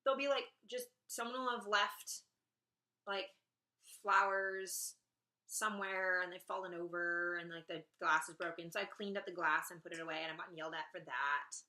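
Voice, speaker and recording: A woman's voice: lowish voice, fairly even intonation, normal speed, bright, forceful tone. A young woman vlogging a casual rant, exasperated and sarcastic, swearing freely.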